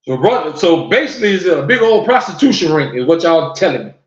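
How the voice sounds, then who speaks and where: Male podcast host, high lively voice, incredulous ranting delivery, roomy muffled lo-fi recording. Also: brisk. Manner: incredulous, fires off rhetorical questions. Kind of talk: live-stream rant to viewers. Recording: roomy, dull lo-fi sound.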